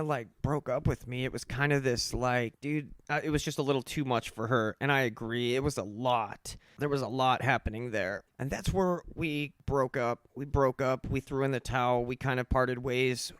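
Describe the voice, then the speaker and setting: A man's voice: medium pitch, normal speed, hardly any pauses, fairly bright tone, smooth, dry recording. A man candidly telling his own addiction story in a casual, emphatic, profane way.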